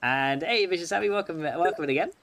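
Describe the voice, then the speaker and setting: A man's voice: on the high side, fast talker, a bit bright. A man streaming a video game, chatting casually with viewers, reading their messages aloud with many restarts and fillers, and laughing often. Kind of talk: casual livestream chat. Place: home room.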